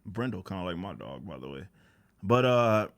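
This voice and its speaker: A young man reacting to a clip in casual commentary, mocking and repeating himself, rising higher as he gets animated. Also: normal speed. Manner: casual mocking, repeats words, rises in pitch when animated. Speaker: YouTube commentator.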